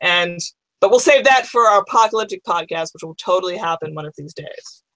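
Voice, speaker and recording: A woman's voice: on the low side, expressive, brisk, pushed and bright, dry recording, low-quality recording. A woman co-hosting a podcast in casual chat, chatty and wry, with asides as she reads aloud. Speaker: podcast co-host.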